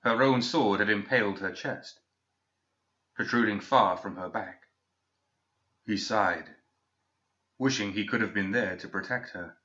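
A man narrates a fantasy story in a measured, steady reading voice. His tone is low yet bright and forward. The recording sounds dull and lo-fi.

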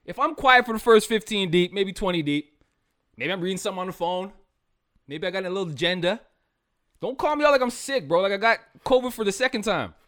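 A man's voice: sits high, animated, brisk, a bit bright. A man co-hosting a podcast, joking around in hyped, slangy casual chat. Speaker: podcast co-host.

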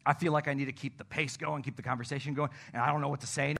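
A male pastor giving a conversational sermon in a medium voice, neither high nor low. He tells candid, self-deprecating stories and acts out bits of them, then eases into a quiet, slower prayer. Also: vocal fry. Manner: acts out phone calls in animated voices; softens to a hushed, slow tone in prayer.

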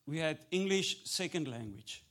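A man's voice: fairly high pitch, animated, moderate pace. Joking Afrikaans-accented man preaching. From South Africa. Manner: jokey, switches between English and Afrikaans, builds to loud preaching. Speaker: pastor. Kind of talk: humorous sermon.

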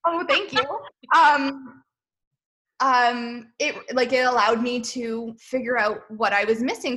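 A woman in her thirties talks as a podcast guest in a loose, rambling way, full of "like" and "um." She often laughs at herself. Her voice is bright and sits a little high. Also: fairly even intonation, slow. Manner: chatty, self-deprecating, laughs often, many fillers. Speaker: podcast guest, boutique owner. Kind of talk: casual interview chat.

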